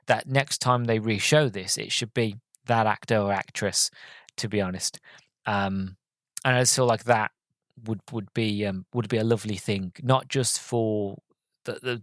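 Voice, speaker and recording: A man's voice: mid-range voice, no room sound. A man hosting a podcast, giving a rambling, emotional and enthusiastic film review in a casual monologue. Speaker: podcast host.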